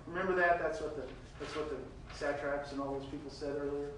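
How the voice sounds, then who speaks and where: A man preaching a sermon, reading scripture verses aloud and retelling them with big swings between loud and quiet. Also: a little high, normal speed, heavy reverb, far from the mic, a little hiss or hum, low-quality recording.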